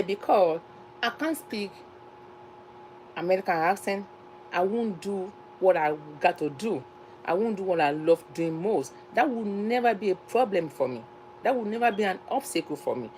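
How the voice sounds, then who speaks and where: Nigerian woman vlogging, earnest, keeps repeating and restarting, mid pitch, faint hum behind her. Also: darkish tone, low-quality recording. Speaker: cooking channel host. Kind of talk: casual talk to camera.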